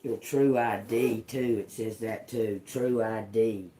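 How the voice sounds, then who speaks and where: A man reading tarot cards for his viewers, taking his time and turning each word over slowly. He repeats phrases as he goes and calls his listeners y'all. A faint hiss of noise sits under his voice. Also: fairly low pitch, fairly even intonation, mellow, poor audio. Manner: slow, musing, repeats words as he reads cards. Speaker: tarot reader.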